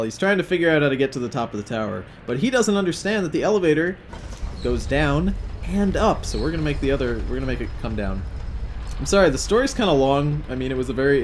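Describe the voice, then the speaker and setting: Young male let's-play host, rambling and profane, mid pitch, faint background noise. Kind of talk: casual gameplay commentary and storytelling.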